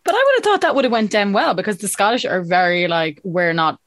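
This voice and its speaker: A man's voice: sits high, animated, fast talker, fairly bright tone, dry recording, studio quality. An Irish man hosting a podcast, explaining things in an easygoing, casual way. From Ireland. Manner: easygoing, explanatory, laughs readily.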